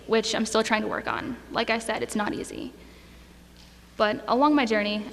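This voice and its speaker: Fighting tears, a graduating student delivers an emotional speech at her school ceremony. The young woman's voice is on the high side and a bit bright, recorded in an echoey hall with a little faint noise.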